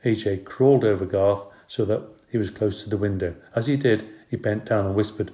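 A man reads a children's storybook aloud in a low voice. His reading is steady and expressive. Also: brisk, few pauses. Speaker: audiobook narrator. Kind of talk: storybook narration.

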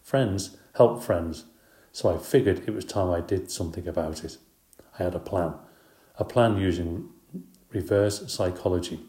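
A man's voice: sits low, moderate pace, dark tone, roomy sound. A man narrating a children's story in the first person, in a light, chatty, playful way. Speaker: audiobook narrator.

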